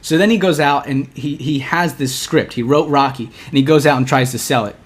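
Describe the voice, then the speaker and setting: Man, young adult, podcast co-host, casual storytelling, animated, many restarts. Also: on the high side, brisk, breathy edge. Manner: animated, with many restarts, acting out quoted lines.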